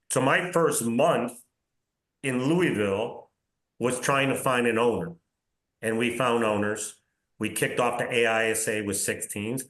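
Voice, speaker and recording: A man in his sixties, a podcast guest telling career anecdotes in a casual, animated way, often acting out reported dialogue and checking in with "right?". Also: mid-range voice, unhurried. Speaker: interview guest, soccer league commissioner. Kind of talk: casual storytelling in a podcast interview. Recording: roomy echo.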